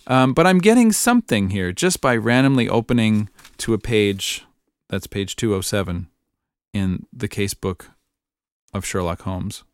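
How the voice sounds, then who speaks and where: A man teaching ukulele in a relaxed lesson, thinking aloud with plenty of fillers. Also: lowish voice, unhurried, clear, resonant tone, no room sound. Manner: musing, thinks aloud with fillers, hums and sings snippets.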